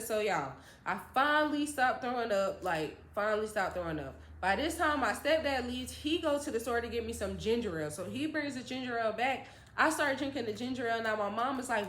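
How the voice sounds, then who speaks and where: Brief: a young woman vlogger, animated and high-pitched, recorded in a roomy space. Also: brisk, few pauses. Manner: animated, acts out other people's voices. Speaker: storytime vlogger. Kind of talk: casual storytelling. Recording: roomy echo.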